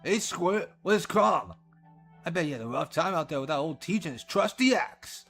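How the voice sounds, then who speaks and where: A performer voicing a brash, boastful young fighter who talks loud and cocky. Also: medium pitch, expressive, moderate pace, vocal fry, breathy edge, faint music behind, exaggerated voice. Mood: swaggering. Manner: loud, swaggering.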